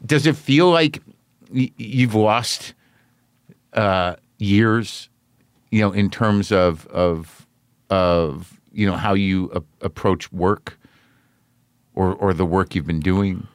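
A man interviewing a guest, speaking in a halting, searching way with many restarts. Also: deep voice, dry recording, studio quality. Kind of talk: conversational interview.

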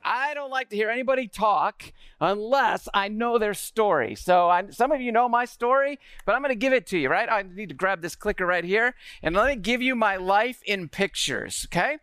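A man in his forties giving an energetic talk to a live audience, often asking the room questions. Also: sits high, moderate pace, few pauses, smooth, no echo.

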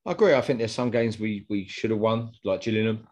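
A low-pitched man, talking football in a relaxed, rambling way. He often circles back and repeats himself as he chats with his co-host on a fan podcast. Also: a little fast. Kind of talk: casual chat.

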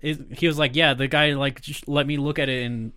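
A man's voice: a little high, fairly even intonation, fairly quick, sharp tone, clean tone, no room sound, clean studio sound. A man co-hosting a podcast, chatting about a movie and adding corrections and asides. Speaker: podcast co-host. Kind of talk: casual chat about a movie.

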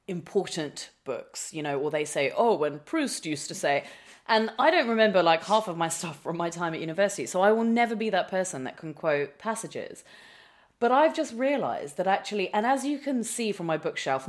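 A woman, chatting about books in a self-deprecating, laughing way. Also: fairly low pitch. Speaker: guest. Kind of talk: casual chat about books.

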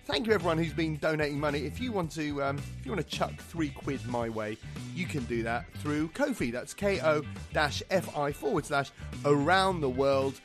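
A man's voice: on the high side, expressive, normal speed, over music. A man hosting a podcast, introducing the episode in a chatty, upbeat way. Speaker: podcast host.

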